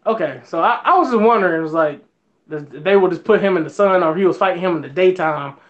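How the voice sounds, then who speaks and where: A man co-hosting a casual film review chat, excitable and stumbling over repeated words. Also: sits high, quick pace, highs cut off.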